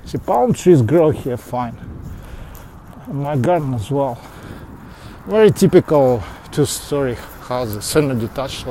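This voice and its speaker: Outdoor noise and passing traffic sit clearly under this walking livestream, where a man with a mixed foreign accent chats with viewers along suburban streets. He sounds animated yet slow, warm and mid-pitched, laughing a little and restarting as he answers. The audio comes from a phone he carries.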